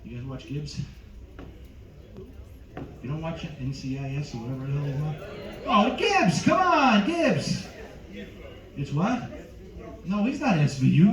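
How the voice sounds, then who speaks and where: A male comedian doing a stand-up set on a cruise ship stage, teasing the crowd loudly, with sudden jumps in pitch. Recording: echoey, distant, dull with crowd noise. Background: audience noise.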